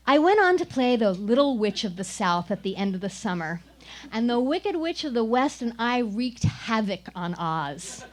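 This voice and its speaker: A woman's voice: on the high side, big pitch swings, normal speed. A woman performing a wry, comic personal story at a live storytelling showcase. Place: small live venue.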